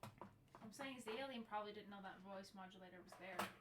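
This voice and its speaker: A woman's voice: medium pitch, quick pace, echoey room, heavy background noise. A woman playing a tabletop role-playing game, eagerly asking questions in character and between laughs. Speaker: player. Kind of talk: casual tabletop role-play.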